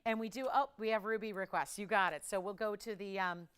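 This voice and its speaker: A woman hosts a live televised jewelry sale with an upbeat, chatty pitch that keeps moving. Her voice is smooth and clear and sits in an ordinary middle register. She talks from a TV studio. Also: steady tone, fairly quick, fairly bright tone. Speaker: jewelry shopping show host. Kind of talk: live TV shopping sales pitch.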